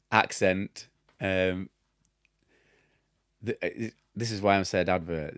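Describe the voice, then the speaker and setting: A deep-voiced man with a broad Yorkshire accent, a damp specialist and former plasterer, chats casually while answering viewer questions. He rambles, laughs at himself and loses his train of thought. His voice is a bit bright, and the recording is dry with clean studio sound.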